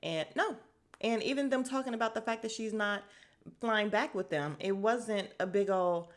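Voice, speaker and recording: Here a woman of medium pitch talks at an ordinary speed, hosting a podcast where she breaks down reality TV. Her commentary is lively and cheeky, and she imitates what people said in exaggerated voices.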